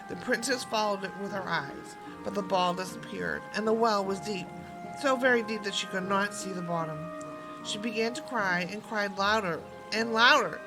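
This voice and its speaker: Woman, storyteller, fairy tale read aloud, expressive, mid-range pitch, music behind. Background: background music.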